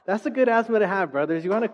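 A man's voice: high-pitched, expressive, fast, lo-fi sound. A man preaching a casual, joking sermon, teasing his audience and asking them questions.

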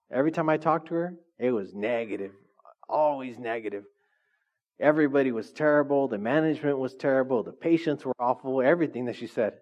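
A man preaching a conversational sermon, animated and chatty, often laughing and asking the congregation questions. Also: mid-range voice, dull audio. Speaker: pastor.

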